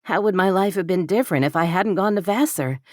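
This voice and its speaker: A woman's voice: lowish voice, quick pace, dry recording, studio quality, pitched above the performer's own voice, natural voice. A woman voicing a candid young woman who teases and confides earnestly. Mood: confiding.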